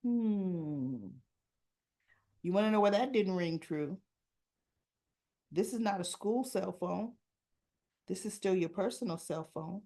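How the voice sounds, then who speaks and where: A woman's voice: mid-range voice, animated, takes it slowly, pauses often, dark tone. A woman hosting a casual soap opera recap, chatting and acting out the characters' lines with asides.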